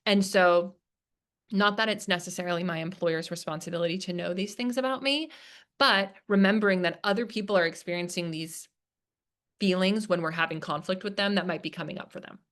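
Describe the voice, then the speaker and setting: A woman's voice: fairly low pitch, a little fast, a bit bright. A woman giving a casual workshop talk, chatty and full of fillers, acting out quoted lines as she explains. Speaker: speaker at a business workshop. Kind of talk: casual lecture. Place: presentation room.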